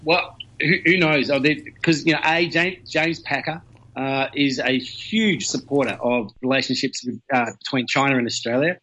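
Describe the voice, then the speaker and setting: Brief: male news commentator, mid-pitched, talkative, heard over a dull lo-fi remote line. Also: normal speed, pushed and bright. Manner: talkative, explains at length with fillers.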